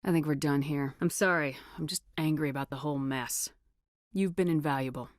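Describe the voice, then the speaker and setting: A woman's voice: deep voice, brisk, dry recording, clean studio sound, close to an everyday voice. An actress playing a blunt, tough female starship commander in a video game, speaking in clipped military style. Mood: earnest. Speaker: commanding officer.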